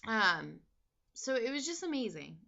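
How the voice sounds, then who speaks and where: A woman's voice: fairly high pitch, very animated, measured pace, gravelly, pushed and bright, muffled recording. A woman vlogger talking in a casual diary style, chatty and candid, with lots of ums and likes. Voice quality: chatty, filler-heavy and candid.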